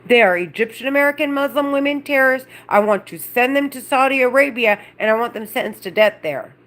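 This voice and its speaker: A woman's voice: fairly high pitch, lively intonation, brisk, a bit bright. A woman speaking to her livestream in an agitated, angry, rambling rant full of profanity. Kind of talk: agitated monologue to camera.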